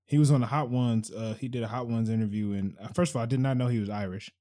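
A man's voice: medium pitch, fairly even intonation, quick pace, mellow. A man co-hosting a podcast in casual chat, laid-back and joking, repeating himself for emphasis. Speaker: podcast co-host.

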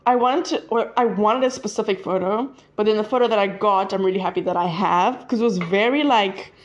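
A woman's voice: mid-range voice, brisk, highs cut off. A teenage girl talking casually to her viewers in a chatty, rambling way that often drifts off track. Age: teens. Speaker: vlogger. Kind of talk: casual chat to camera.

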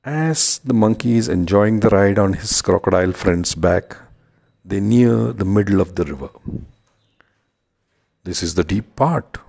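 A man telling a children's fable at an unhurried, deliberate pace. His voice sits very low and carries a gravelly fry with a husky, breathy edge. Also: a little mellow. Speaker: storyteller. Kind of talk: children's story narration.

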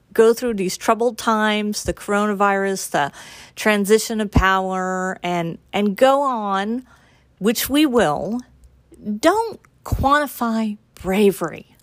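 A woman's voice: mid-range voice, no room sound. A middle-aged woman hosting a solo podcast, talking in an earnest, rambling, emphatic way as she reflects aloud. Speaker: podcast host. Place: on a lunch break.

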